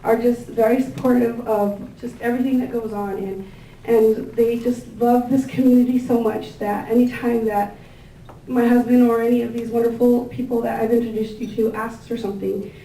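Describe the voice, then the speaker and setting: A woman giving a thank-you speech at a gathering, introducing guests with warm, gushing words and many fillers. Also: fairly high pitch, fairly even intonation, moderate pace. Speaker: event organizer introducing staff and guests. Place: large indoor room with tables. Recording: echoey room, picked up from a distance, faint ambient noise.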